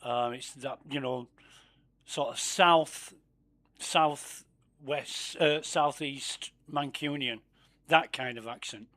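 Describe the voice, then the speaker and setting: A man's voice: medium pitch, slow, pushed and bright. A man streaming a space game, chatting casually, swearing freely and muttering asides under his breath. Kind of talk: casual gameplay commentary.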